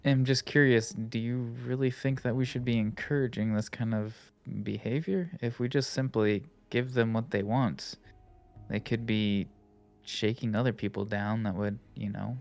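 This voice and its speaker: A man playing a tabletop game, talking casually in a measured, questioning way. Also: medium pitch, fairly even intonation, darkish tone, faint music behind. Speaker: player.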